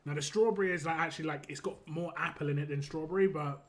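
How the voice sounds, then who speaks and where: A man's voice: on the high side, fairly even intonation, fast talker. A young man chatting casually and rambling while he streams a mobile game, laughing easily as he talks. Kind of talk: casual live-stream chat.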